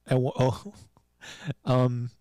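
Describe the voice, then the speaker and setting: Male podcast host, casual giggly recap voice, mellow tone, close dry sound. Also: medium pitch, no echo. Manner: giggly, animated storytelling with frequent laughs. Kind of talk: casual chat recapping a TV drama. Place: small studio with a producer present.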